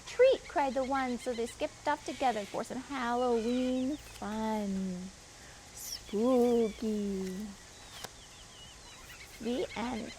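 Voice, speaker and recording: High-pitched woman librarian, expressive storytime reader who chats with the kids between pages, faint birdsong outside. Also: very slow, long pauses, slight background noise, rough recording. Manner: expressive reading with asides to the children. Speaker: children's librarian. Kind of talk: children's storytime read-aloud.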